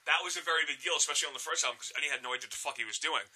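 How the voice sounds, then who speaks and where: A man appearing as a studio guest, talking about music in a blunt, opinionated way with plenty of swearing. His voice sits slightly high and sounds very bright. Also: rapid-fire, slightly rough, low-quality recording. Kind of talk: casual studio chat.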